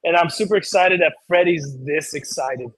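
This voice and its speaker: A man hosting a live unboxing stream, chatting casually and telling a relaxed story. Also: a little high, moderate pace, no room sound, low-quality recording.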